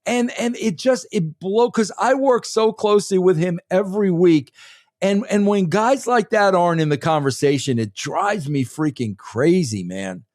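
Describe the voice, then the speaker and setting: Emphatic rambling man, bright and dry. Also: high-pitched, lively intonation, normal speed, no echo. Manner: emphatic, rambling, says "bro" constantly. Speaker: former wrestling head writer, guest. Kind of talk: casual podcast interview.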